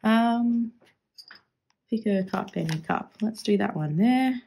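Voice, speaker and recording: A woman's voice: fairly high pitch, slow pace, gravelly, dark tone, slight background noise. An Australian woman chatting casually as she swatches fountain pen ink, musing aloud and trailing off into restarts as she searches for words.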